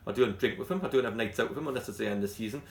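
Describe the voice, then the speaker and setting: A Geordie man talks fast and bluntly about his job as a football manager, and he often breaks off and restarts mid-sentence. His voice rings in an echoey room with a faint hum of ambience behind it. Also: fairly low pitch, gravelly. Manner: blunt, passionate, rambling with restarts. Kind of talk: post-training interview.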